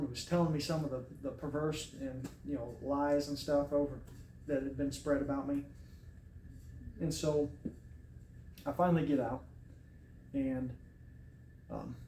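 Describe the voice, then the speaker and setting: A man's voice: fairly high pitch, mellow. A young man earnestly retelling a personal story in casual talk, quoting himself and others as he goes. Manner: earnest, quotes himself and others, repeats words. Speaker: storyteller recounting his arrest. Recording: echoey room, faint background noise.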